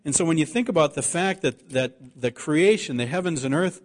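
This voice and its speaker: A man preaching a sermon, reading scripture aloud and slowing down to stress the key words. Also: fairly high pitch. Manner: earnest preaching, slows to stress scripture quotes. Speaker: pastor.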